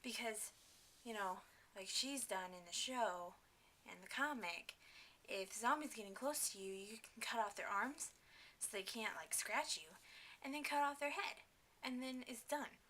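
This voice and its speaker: A young woman talking casually to her camera at home, chatty and enthusiastic, with many fillers and quick asides. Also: a little high, animated, bright, forceful tone. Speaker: vlogger.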